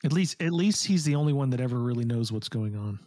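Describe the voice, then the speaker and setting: A man's voice: mid-range voice, expressive, quick pace, warm tone, no room sound, clean studio sound. A man co-hosting a podcast in casual chat, laid-back with short, wry replies. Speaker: podcast co-host.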